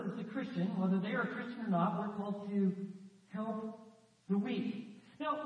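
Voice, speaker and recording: With an extremely high, slightly mellow voice, a male pastor preaches a sermon, narrating stories conversationally and performing the quotes. The distant microphone and echoey hall make the recording sound dull.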